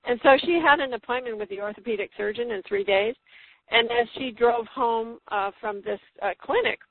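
Woman guest healer, emphatic storyteller, husky higher voice, phone-line sound. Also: dry recording. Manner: emphatic storyteller, acts out quotes with rising pitch. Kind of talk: phone-in radio interview storytelling. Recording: tinny phone line, dry.

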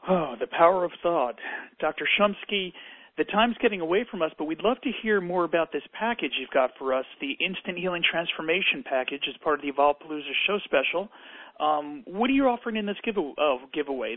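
Male radio host, slightly high voice, encouraging, thin phone-like sound. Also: animated, fairly quick, dry recording. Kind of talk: radio interview. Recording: tinny phone-like sound, dry.

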